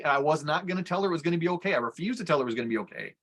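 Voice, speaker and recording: Fast-talking man telling a story. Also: fairly high pitch, animated, a bit bright. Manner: rambling, self-correcting storyteller. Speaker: podcast guest. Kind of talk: casual storytelling.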